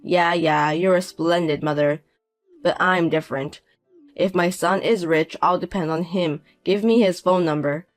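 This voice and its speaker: A man's voice: a little high, steady tone, a little slow, no room sound, faint music behind, close to an everyday voice. A man in his fifties voicing a broke, desperate ex-husband who talks in a pleading, self-pitying way, in a narrated audio drama. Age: 50s.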